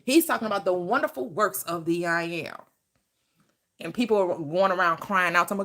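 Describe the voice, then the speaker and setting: A woman's voice: mid-range voice, big pitch swings, moderate pace, long pauses, pushed and bright. A woman giving a preacher-style motivational talk about manifesting, emphatic and full of repetition. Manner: emphatic, preacherly, swings into acted quotes and repetition. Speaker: manifestation teacher.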